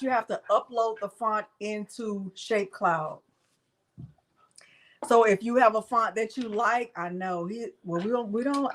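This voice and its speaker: A woman's voice: a little high, rough recording. A woman hosting a casual crafting live stream from home, chatting with viewers and her dog.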